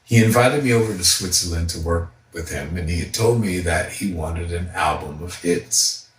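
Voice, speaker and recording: A musician telling a relaxed, conversational story while demonstrating on guitar. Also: male voice, sits low, moderate pace, slight background noise. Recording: roomy, distant mic with loud guitar.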